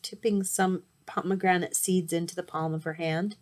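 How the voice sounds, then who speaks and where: A woman reads a myth aloud in a storybook manner, her voice sitting a little low. She is expressive and now and then trips over a word and restarts. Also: moderate pace, few pauses. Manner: expressive, occasional slips and restarts. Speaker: teacher reading aloud.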